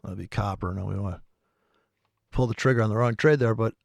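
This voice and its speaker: A man streaming about forex trading, ranting in a rambling, profane way with sudden loud outbursts. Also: fairly low pitch, fast talker, vocal fry, no room sound.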